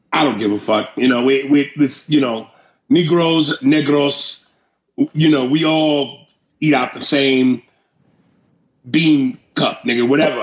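A man's voice: mid-range voice, dull audio. A man hosting a casual podcast, reading listener messages aloud and joking crudely with plenty of swearing. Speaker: podcast host. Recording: roomy echo.

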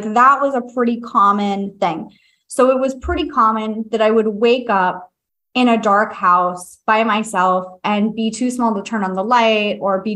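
A woman's voice: medium pitch, fairly bright tone. A young woman hosting a podcast, telling personal stories in a chatty, confiding way with many fillers and asides. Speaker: podcast host. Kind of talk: casual storytelling to live listeners.

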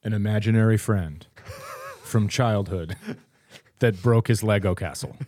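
A man's voice: on the low side, measured pace, darkish tone. A man co-hosting a comedy podcast, riffing playfully and spinning absurd tangents. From Minnesota, United States. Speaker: podcast co-host. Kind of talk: casual comedic chat.

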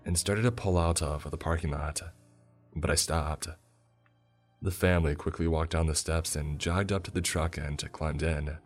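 A man narrating a first-person horror story in a steady storytelling voice. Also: extremely low pitch.

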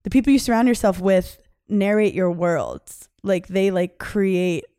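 A woman's voice: mid-range voice, a little slow, mellow, clean tone, no echo, studio quality. A woman in her thirties, a podcast guest talking candidly in casual chat, swearing often and full of "like" fillers.

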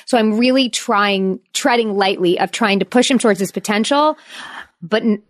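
A woman in her thirties hosting a casual chat, animated and talkative. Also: mid-range voice, normal speed, no room sound, clean studio sound. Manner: chatty and animated, acting out her son's voice. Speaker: podcast host.

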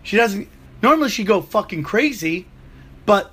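A man with a fairly high, bright voice rambles through a crude comic story. He swears freely and often jumps pitch for emphasis. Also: moderate pace, breathy edge. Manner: profane, rambling, animated storyteller. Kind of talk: comedic rambling monologue.

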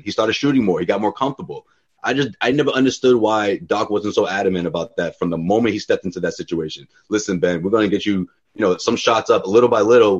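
Fast-talking husky man on a lo-fi mic. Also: lowish voice. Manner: quick, conversational, laughs often. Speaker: podcast co-host. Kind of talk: casual sports talk.

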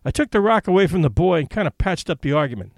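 A male narrator with a fairly high voice, reading a comic story with wry, expressive delivery. His pitch moves about animatedly, and the recording is dry and close. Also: fast, vocal fry, dry recording. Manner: expressive, wry first-person telling. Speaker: audiobook narrator.

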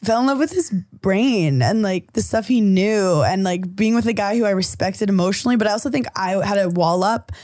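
A woman in her thirties from the New York area, a comedian guest telling animated stories in casual podcast chat. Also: mid-range voice, dry recording, clean studio sound. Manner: animated storytelling, quick asides, lots of swearing.

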